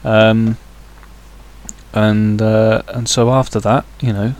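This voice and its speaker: A man's voice: on the low side, little pitch movement, slow pace, a little mellow. A man hosting a podcast on his own, rambling casually with many hesitations and crude, jokey asides. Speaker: podcast host. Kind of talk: casual solo podcast chat.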